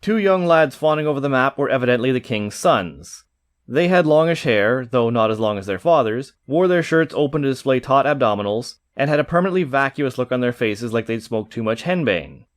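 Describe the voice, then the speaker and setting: Man reading a story, lively pitch. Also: brisk, no echo, studio quality. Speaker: narrator. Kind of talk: audiobook narration.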